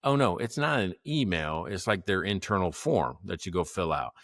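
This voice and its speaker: A man co-hosting a podcast, telling a story in a casual, animated way, acting out what people said and laughing often. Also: deep voice, normal speed, no room sound, studio quality. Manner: animated, acts out quotes, laughs often, swears. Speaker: podcast co-host.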